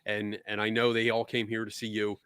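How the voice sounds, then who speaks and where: A middle-aged man with a Philadelphia accent hosting a casual chat, easygoing, laughing often and filling pauses with ums. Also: lowish voice, completely flat delivery, a bit bright, smooth, no room sound, clean studio sound. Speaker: podcast host.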